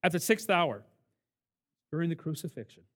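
An older man, a camp director, giving a sermon full of stories, emphatic and animated as he acts out what people said. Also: a little high, moderate pace. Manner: animated, emphatic storyteller who acts out quotes. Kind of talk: sermon with storytelling.

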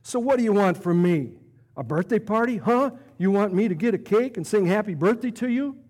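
Man doing a nasty mocking woman, sarcastic, sneering, voice pushed high and loud. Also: lively intonation, fairly quick.

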